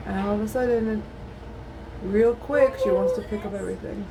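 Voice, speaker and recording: A woman's voice: mid-range voice, expressive, quick pace, background noise. Rambling, swearing woman vlogger. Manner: rambling, swears freely, self-mocking. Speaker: beauty vlogger; mother of a toddler. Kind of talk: casual chat while doing makeup. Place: at home.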